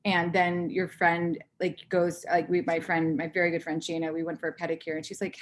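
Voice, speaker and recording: A woman in her thirties giving a candid personal talk to an audience, acting out her own inner voice in lively bursts. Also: fairly low pitch, quick pace, hardly any pauses, a little hiss or hum. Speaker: conference speaker.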